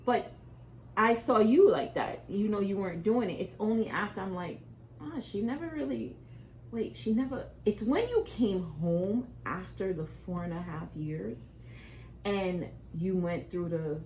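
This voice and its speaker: Speaking a little slowly in a lowish voice, with slight background noise, a middle-aged West Indian-accented woman talks frankly with her daughter as co-host. She tells stories emotionally and vividly, acting out the quotes.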